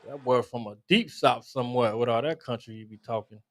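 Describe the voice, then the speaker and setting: A man's voice: medium pitch, fairly quick, a bit bright. A man in casual, profane, joking chat about basketball. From South Florida. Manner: loose, profane, laughing banter. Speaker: co-host.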